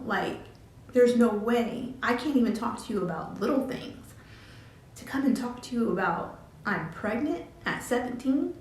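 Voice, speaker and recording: A woman telling a personal story on her vlog, halting and restarting often with filler words. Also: medium pitch. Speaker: vlogger. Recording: very echoey room, faint background hum. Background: cat drinking from water fountain.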